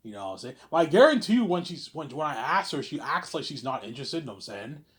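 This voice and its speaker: A man's voice: on the high side, sing-song, quick pace. A man talking to camera in a rambling, casual monologue, stammering and repeating words as he goes. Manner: stammering, repeats words, keeps saying "obviously". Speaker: vlogger.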